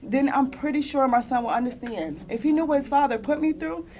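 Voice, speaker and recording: A young woman speaks on a conference panel in a meeting room, sharing her own story with earnest, heartfelt emotion. Her voice sits high and brisk with a darkish tone, often close to tears yet breaking into rueful laughs.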